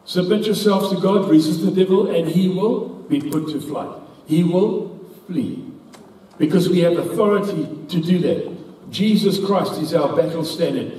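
A man with a South African English accent preaches an earnest, emphatic sermon, quoting scripture at length in a high-pitched, warm, unhurried voice. He's in a church hall, recorded from far away with a lot of echo.

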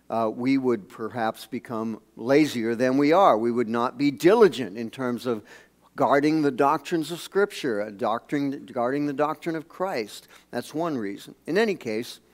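A man preaching a sermon as pastor, earnest and emphatic, with phrases that often drop to a hush at the end. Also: a little high. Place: church sanctuary.

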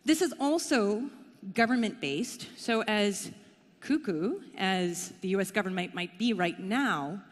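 A woman's voice: medium pitch, animated, a little slow. Chatty woman speaker in a reverberant hall. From Canada. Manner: chatty, playful and self-deprecating. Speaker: conference speaker. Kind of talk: conference talk. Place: conference hall.

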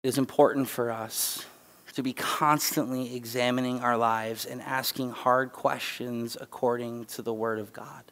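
The recording, full of church hall reverb, captures a guest speaker preaching in a church sanctuary while holding back tears. His mid-range, fairly bright voice stays level and a little slow, and he talks conversationally and emphatically with asides and restarts.

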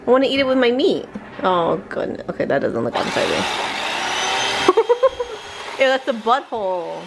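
A woman's voice: a little high, wildly swooping pitch, moderate pace, creaky, heavy background noise. Giggly young woman filming a family dinner. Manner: playful, teasing, laughs often. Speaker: vlogger. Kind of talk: casual family vlog chat. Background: crowd of family chatter.

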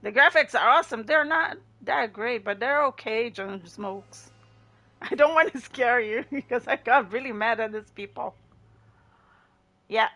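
A woman streaming a horror game live, yelling and swearing at her teammates and chatting with viewers. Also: fairly high pitch, unhurried. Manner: excitable, swears and yells at other players; talks to chat between rounds. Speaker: gaming livestreamer. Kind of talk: live gameplay commentary.

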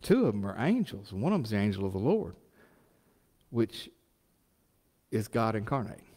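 A middle-aged man preaching a sermon as pastor, folksy and animated, often asking the congregation questions. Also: fairly low pitch, normal speed, big-room sound.

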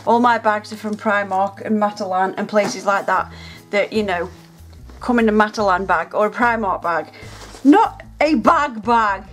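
Gushing woman with a higher voice. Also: moderate pace, soft background music. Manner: gushing, excitable, lots of gasps and exclamations. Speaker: nail art channel host. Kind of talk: casual unboxing vlog.

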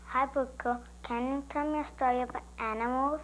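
A woman's voice: high voice, fairly even intonation, a little fast, low-quality recording. A woman playing a friendly visitor on a children's TV show, asking for stories and reciting a nursery rhyme.

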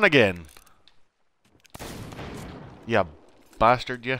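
A man's voice: medium pitch, unhurried, bright, forceful tone, clean tone. A man streaming live gameplay, talking to himself with frantic exclamations and swearing.

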